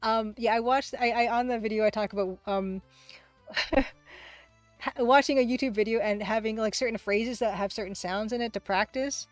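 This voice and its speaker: A woman hosting a casual livestream, who talks fast, rambles through chat replies, laughs often and pokes fun at herself. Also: on the high side, dry recording, soft background music. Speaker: livestream host and game artist.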